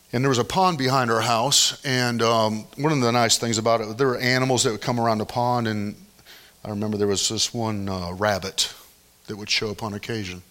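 A middle-aged man preaching a sermon, telling stories in an animated way that swings from loud to hushed. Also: lowish voice. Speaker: pastor.

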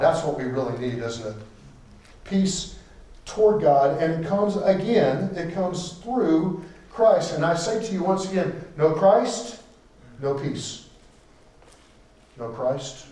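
A man preaching in a church sanctuary, his fairly high voice carrying through a very echoey space from some distance off the mic. He stresses key phrases by repeating them and swings from loud declarations to quiet asides. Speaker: pastor. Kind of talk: sermon.

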